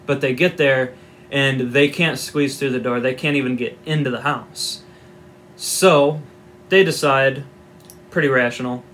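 A man's voice: medium pitch, measured pace, fairly bright tone, slight background noise. A man giving an informal Bible teaching, reading scripture aloud and explaining it in a conversational, wry way with asides.

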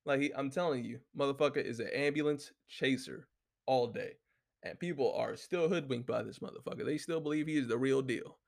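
A man's voice: mid-range voice, fairly quick, vocal fry. A man hosting a solo talk show, ranting casually and heatedly with constant swearing and lots of filler words. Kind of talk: casual profane rant.

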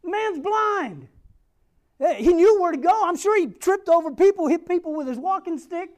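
Brief: male preacher, high voice, sermon that tells a story and presses a repeated question. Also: lively intonation, moderate pace, a little mellow. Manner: repeats a rhetorical refrain and calls for amens; tells a Bible story with acted-out quotes.

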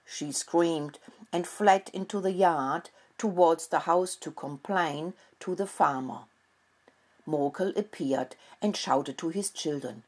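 A middle-aged woman reads a children's story aloud in a slow, gentle manner. Her voice sits low and has a soft, husky texture. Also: lively intonation.

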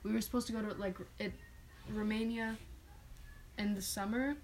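A woman's voice: medium pitch, fairly even intonation, normal speed, darkish tone, slight background noise. A young woman co-hosting a casual podcast chat, talking loosely with lots of fillers and restarts. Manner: chatty, many fillers and restarts. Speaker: podcast co-host.

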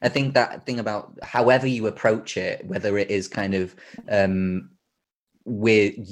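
A man's voice: fairly low pitch, fairly even intonation, unhurried. A man hosting a casual panel chat, asking guests questions and nodding along with frequent affirmations. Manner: supportive listener, lots of backchannel. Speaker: host.

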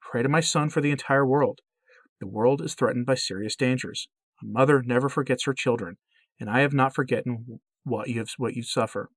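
Man reading the part of a patient motherly holy lady, calm exhortations, dry close sound. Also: mid-range voice, a little fast, no room sound, lightly acted. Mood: gently pleading. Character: gentle motherly heavenly woman, patient.

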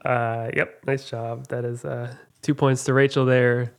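A man's voice: medium pitch, level tone, measured pace, gravelly. A man hosting a casual trivia quiz, reading out questions and joking about himself, with many fillers. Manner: reads questions, chatty and self-mocking, many fillers. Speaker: quiz host.

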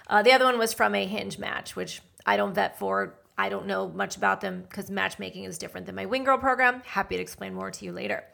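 A woman's voice: mid-range voice, steady tone, a little fast, creaky, hardly any pauses, pushed and bright. A middle-aged woman, a matchmaker hosting a podcast, giving blunt, feisty dating advice in a chatty monologue.

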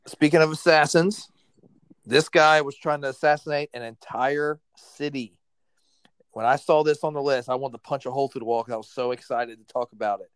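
A man's voice: mid-range voice, fairly even intonation, a little fast, clean tone, dry recording. A man hosting a podcast in casual chat, upbeat and keeping the segments moving. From South Carolina Lowcountry. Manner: upbeat, keeps the show moving. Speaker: podcast host running the list.

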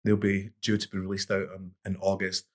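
A man's voice: low-pitched, monotone, fairly quick. A middle-aged man, a boxing coach and podcast guest, telling stories in an easygoing, rambling way with many restarts. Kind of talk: relaxed conversational storytelling.

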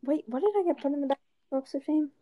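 A teenage girl chatting casually, telling animated stories and acting out what people said. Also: high-pitched, fast, no echo. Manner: animated storytelling, acting out quotes. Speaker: storyteller. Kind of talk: casual chat.

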